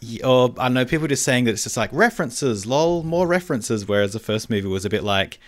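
A man on a gaming podcast talks fast and makes wry quips. His voice sits at a middle pitch. He sounds casual and close. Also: animated. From Australia. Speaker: podcast panelist.

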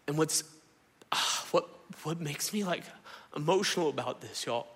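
A pastor preaching a sermon into a stage microphone in a church hall, impassioned and conversational, often asking the crowd questions. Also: male voice, fairly high pitch, big pitch swings, measured pace, sharp tone, husky.

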